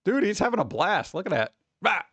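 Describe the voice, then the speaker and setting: A man's voice: sits high, very animated, a little fast, a bit bright, husky, dry recording. A man hosting a casual live stream, rambling and joking as he chats with his viewers on a close desk mic. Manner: rambling, joking, talks to chat. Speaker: streamer host.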